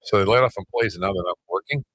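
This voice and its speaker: A man's voice: fairly low pitch, racing, a bit bright, slightly rough, no room sound. A man who hosts a radio show, chatting casually and emphatically about politics. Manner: emphatic, rhetorical. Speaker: radio host.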